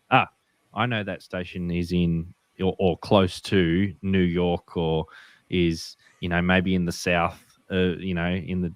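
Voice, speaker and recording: An Australian man with a very low voice talks in a relaxed, halting way, full of fillers and restarts. The sound is dry and close, with no room around it. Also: dry recording. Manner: hesitant, many fillers and restarts. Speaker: guest ham radio operator. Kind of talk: casual podcast chat.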